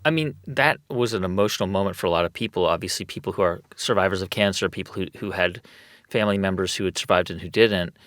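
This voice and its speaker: A man hosting an interview and asking measured, searching questions. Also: sits low, fairly bright tone, no echo. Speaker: podcast host.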